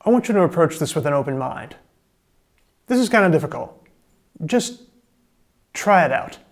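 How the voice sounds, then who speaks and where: A man teaching a drum lesson on camera, coaching calmly and step by step. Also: a little high, normal speed. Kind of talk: instructional video lesson.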